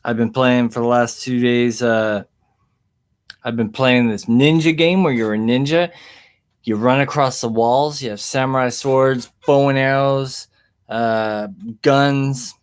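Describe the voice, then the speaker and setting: This man talks a bit slowly in a medium-pitched, steady, clean voice during a casual livestream, reading the chat as he goes. Captured indoors on a webcam mic, he rambles in a relaxed way with frequent chuckles.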